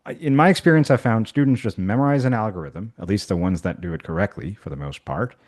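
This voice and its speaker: A man with a lowish voice shows colleagues how a math activity works. He talks casually and thinks aloud, with fillers and restarts. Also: quick pace, darkish tone. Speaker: math instructor. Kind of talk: workshop software demonstration.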